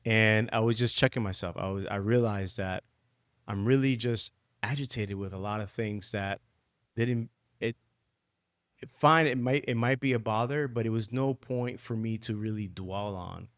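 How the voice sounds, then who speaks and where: Man, co-host, candid and halting, lowish voice, dry close sound. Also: smooth, dry recording. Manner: candid, halting, self-correcting. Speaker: podcast co-host. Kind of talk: casual Bible discussion.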